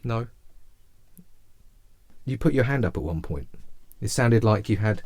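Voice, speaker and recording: A man's voice: on the low side, lively intonation, unhurried, a little mellow, no room sound. A man giving a casual jazz guitar lesson over a video call, chatty and self-mocking as he rambles on. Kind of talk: casual teaching chat. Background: faint guitar.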